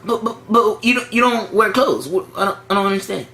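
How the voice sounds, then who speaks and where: A man's voice: high-pitched, expressive, a little fast, sharp tone, full character voice. A man doing a timid, stuttering cartoon creature. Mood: nervous. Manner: heavy stutter, meek and hesitant. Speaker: puppet comedy character. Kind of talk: puppet comedy voice acting.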